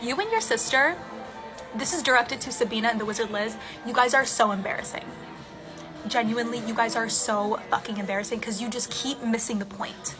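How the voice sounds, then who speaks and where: A woman co-hosts an online drama commentary and delivers blunt, exasperated rants with plenty of sass. Her voice sits somewhat high. Music plays clearly behind her. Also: brisk, poor audio. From Egyptian family. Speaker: co-host.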